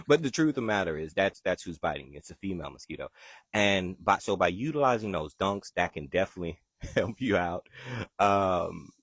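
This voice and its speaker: A man hosting a casual morning gardening chat, talking in a relaxed, friendly, jokey way. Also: low-pitched, slightly rough, no room sound. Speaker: gardening show host. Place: outdoors in a garden.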